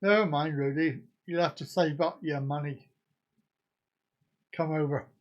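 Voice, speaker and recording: Guy chatting on his live stream, slow easy pace, high voice, joking with viewers. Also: steady tone, lo-fi sound. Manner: jokey, reacting to viewer comments. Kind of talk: casual live stream chat.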